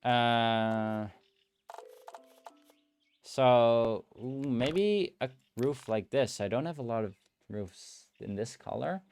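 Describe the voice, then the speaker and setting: Mellow male streamer, unhurried gameplay chatter, thinks out loud, slight background hiss. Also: medium pitch. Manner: slow, musing talk to himself, hums and playful filler sounds. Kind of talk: relaxed gameplay commentary.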